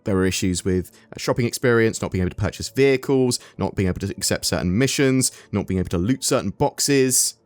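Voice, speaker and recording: A man's voice: on the low side, a little mellow, no echo. English man reading a gaming news update. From England. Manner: brisk rundown, asks viewers questions.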